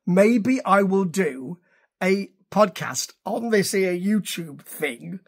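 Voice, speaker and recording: A man's voice: high voice, expressive, slow, slightly rough. A man reviewing music to camera in a chatty, digressive way, correcting himself as he goes. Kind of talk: casual rambling review to camera.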